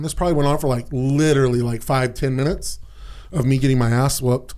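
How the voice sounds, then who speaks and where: Guy on a podcast talking real candid about his past, says man and dude a lot, mid-pitched ordinary voice. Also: a little mellow. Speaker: podcast guest. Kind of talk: casual personal storytelling.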